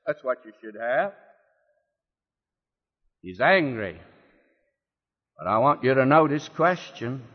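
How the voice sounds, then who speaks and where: A man with a medium-pitched, sing-song voice preaches slowly and pauses often during an expository sermon. Dramatic readings of quoted lines alternate with rhetorical questions for his listeners, captured in a dull lo-fi hall recording.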